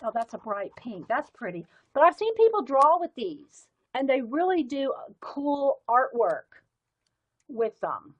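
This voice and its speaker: A woman's voice: sits high, big pitch swings, a little slow, slightly rough, dry recording, muffled recording. A woman, chatting casually on a live stream while sorting and showing her pens. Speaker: livestream host.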